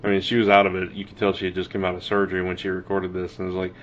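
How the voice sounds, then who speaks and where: A young man from Texas co-hosts a wrestling podcast in an easygoing, low voice, laughing often and restarting his sentences. The sound is dull and lo-fi, with a faint hiss behind him. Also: rapid-fire. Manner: relaxed, laughs easily, hedging restarts. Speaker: podcast co-host. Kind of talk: casual wrestling chat.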